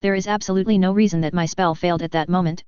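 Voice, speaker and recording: A woman's voice: fairly low pitch, steady tone, racing, darkish tone, smooth, no room sound, muffled recording, natural voice. A woman voicing a vain, defensive male wizard professor who talks insistently in a storybook reading. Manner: insistent, self-justifying.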